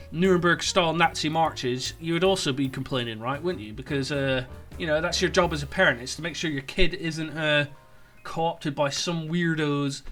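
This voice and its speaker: A political commentator rants in an online video, sarcastic and mocking, rambling along with stumbling restarts. His voice is a little high and a bit bright.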